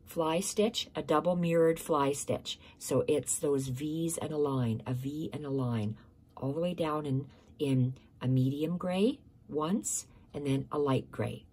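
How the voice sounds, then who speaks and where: A woman's voice: low-pitched, unhurried, darkish tone, breathy edge. A woman hosting a casual stitching tutorial, explaining step by step, repeating measurements and correcting herself, sometimes dropping to a near-whisper.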